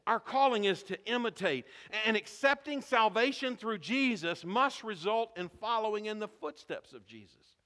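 A man's voice: high voice, lively intonation, moderate pace, hardly any pauses, bright, forceful tone, in a large hall. A man preaching a sermon as pastor, asking the congregation questions and calling for responses.

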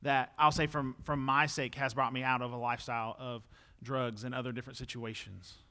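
A man's voice: medium pitch, flat delivery, a little fast, sharp tone. A young man preaching a sermon in a conversational way, rising to emphatic peaks when he drives a point home.

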